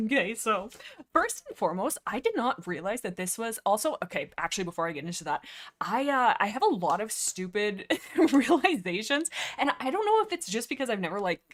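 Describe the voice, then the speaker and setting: A woman's voice: medium pitch, fairly bright tone. A young woman hosting a casual livestream chat, rambling in a giggly, self-deprecating, slightly nervous and breathless way. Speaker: livestream host.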